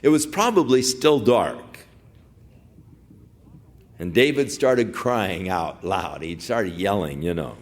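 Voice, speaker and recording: A man's voice: low-pitched, expressive, slow pace, long pauses. A man teaching through a Bible passage as a pastor, talking conversationally with digressive asides.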